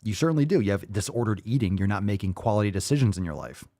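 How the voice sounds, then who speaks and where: A podcast host giving blunt, mocking reaction commentary, often profane. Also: male voice, lowish voice, animated, rapid-fire, warm tone, dry recording, clean studio sound.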